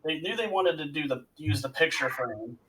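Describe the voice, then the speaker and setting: A man's voice: a little high, lively intonation, normal speed, distant mic, over a noisy crowd, rough recording. A man co-hosting a movie podcast who tells behind-the-scenes stories in casual chat. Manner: storytelling, explains with trivia. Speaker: podcast co-host.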